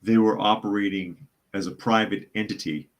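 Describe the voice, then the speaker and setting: A man with a very deep voice hosts a live news commentary podcast. He reads reports and viewer comments aloud and breaks in with sardonic, skeptical asides in a loose, conversational way. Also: fairly even intonation, moderate pace. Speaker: podcast host.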